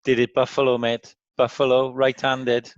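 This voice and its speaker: Male co-host, jokey banter, mid-pitched voice, dry dull lo-fi audio. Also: monotone, moderate pace, no echo. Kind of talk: casual chat.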